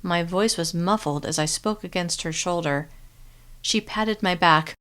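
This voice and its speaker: A woman narrates a novel in the first person with a slightly low voice. Her reading is steady and clear, made for listening. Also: moderate pace. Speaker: audiobook narrator.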